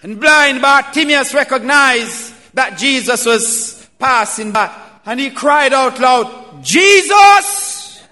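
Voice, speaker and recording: Slow, high-voiced male preacher in a hall. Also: sharp tone. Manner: slow, emphatic preaching with rising calls. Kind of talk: sermon. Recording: reverberant hall.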